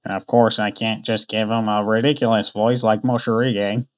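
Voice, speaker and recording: A man streaming live, chatting casually and thinking out loud between frequent laughs. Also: fairly low pitch, level tone, normal speed. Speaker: streamer reading a novel aloud. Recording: dull lo-fi stream mic.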